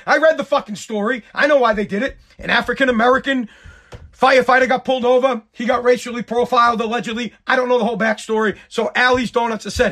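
Guy with a really high voice, ranting on his show, cussing a lot, yells sometimes. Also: steady tone, fast. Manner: profane, heated, shouting at times. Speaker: show host. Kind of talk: angry rant, talk show.

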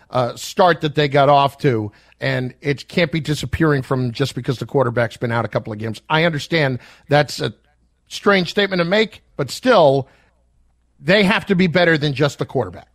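A man's voice: fairly high pitch, a bit bright, dry recording, studio quality. A man giving confident football picks as an analyst on a sports talk show.

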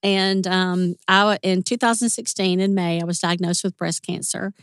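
A woman sits for a relaxed interview, recounting memories in a chatty, warm manner. Her voice sits a little low. The sound is dry and close. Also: moderate pace, no echo. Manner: warm, chatty, animated when retelling. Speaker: interview guest. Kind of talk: casual storytelling interview.

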